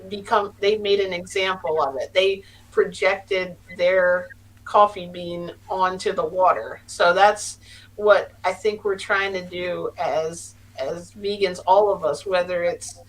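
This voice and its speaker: A woman's voice: lowish voice, steady tone, takes it slowly. A middle-aged woman telling a story as a podcast guest, earnest and rambling, often restarting her sentences. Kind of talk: casual storytelling. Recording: distant mic with faint hum.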